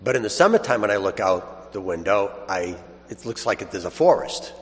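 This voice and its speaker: A man's voice: lowish voice, animated, normal speed, in a large hall. A man, a priest, giving a sermon in a conversational storytelling way, chuckling now and then.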